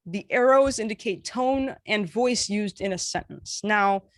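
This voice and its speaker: A woman teaching a casual workshop, animated with playful asides as she demonstrates intonation. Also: mid-range voice, a little slow, no echo, studio quality. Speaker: workshop facilitator.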